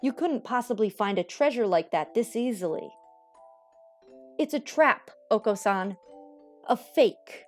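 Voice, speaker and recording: A woman voicing the game's earnest young man, calmly reasoning with a friend. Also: a little high, a little slow, long pauses, soft background music. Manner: calm, earnest persuading.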